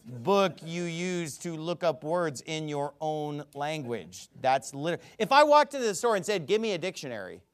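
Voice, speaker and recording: A man's voice: fairly high pitch, sing-song, unhurried, hardly any pauses, clean tone. A man giving a ranting commentary, emphatic and sarcastic, who often stammers and restarts his sentences. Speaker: religious commentator.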